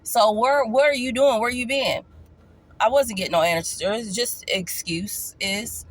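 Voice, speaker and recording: Woman vlogger, casual storytime, emphatic, repeats herself, jumps up in pitch to stress a point. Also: unhurried. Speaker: vlogger telling her life story.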